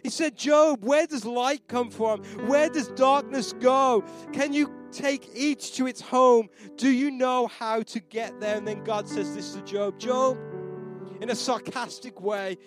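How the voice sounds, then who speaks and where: A man preaching a sermon as pastor. He moves from soft, near-whispered pleading to loud, rising proclamation. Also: extremely high pitch, steady tone, a little slow, over music. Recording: live church sermon with band playing behind.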